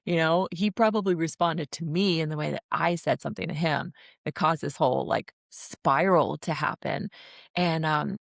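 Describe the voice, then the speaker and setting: A woman's voice: deep voice, normal speed, creaky, no room sound, clean studio sound. A woman hosting a podcast, talking in a loose, hesitant conversational way with frequent fillers. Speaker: podcast host.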